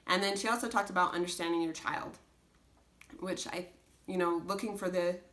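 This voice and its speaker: A woman's voice: fairly low pitch, fairly even intonation, moderate pace, fairly bright tone. A young woman talking casually as a homeschooling mom, earnest and rambling, full of restarts and "like". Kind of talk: casual chat.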